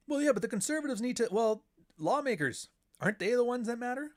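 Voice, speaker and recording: A man's voice: very high-pitched, expressive, quick pace. A man hosting a podcast, ranting in a casual, profane and sarcastic way. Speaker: podcast host. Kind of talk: casual livestream rant.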